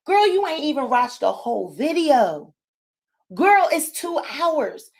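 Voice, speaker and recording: Loud, high-pitched woman vlogger. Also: slow. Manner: animated, sassy, talks to her dog and chat. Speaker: channel host. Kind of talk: casual chat to viewers.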